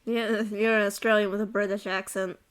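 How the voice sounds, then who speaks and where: A woman's voice: medium pitch, level tone, brisk. A woman with an American accent in casual banter as a co-host, laughing often and swearing when she gets defensive.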